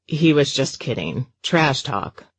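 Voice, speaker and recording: A woman's voice: rumbling low, very animated, slow pace, slightly rough, no room sound, heavily acted. Woman playing a shy, terse young man. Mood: dismissive. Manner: short, guarded replies.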